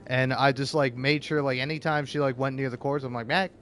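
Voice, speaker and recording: A man's voice: medium pitch, flat delivery, brisk, fairly bright tone, slight background noise. A young man in casual, rambling chat, stammering, repeating words and swearing offhandedly. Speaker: vlogger.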